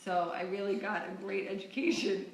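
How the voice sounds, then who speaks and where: A woman's voice: medium pitch, little pitch movement, normal speed, gravelly. Middle-aged woman from new york chatting about her shop, lots of you-knows, roomy echo. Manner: chatty, full of fillers. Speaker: cake shop owner. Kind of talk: casual interview storytelling. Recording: echoey room, faint noise.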